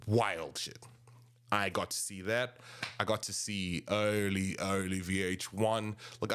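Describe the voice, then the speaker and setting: Man, South African accent, 30s, casual storytelling, rambling, very low voice. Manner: rambling, animated, restarts often. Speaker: podcast host.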